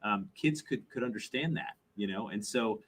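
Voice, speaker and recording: A man's voice: fairly low pitch, normal speed, a little hiss or hum. A man co-hosting a live podcast, explaining ideas animatedly with many "like"s and tag questions. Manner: animated explaining, repeated "like" and "right?". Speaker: podcast co-host.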